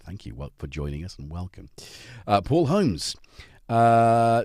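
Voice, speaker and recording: A man hosting a livestream from his home studio, chatting in a rambling, friendly way and calling out to viewers by name. His pitch jumps up and down a lot as he talks. The sound is dry and close to the mic. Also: big pitch swings, a little slow, darkish tone, no echo. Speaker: livestream host. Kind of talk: casual livestream chat.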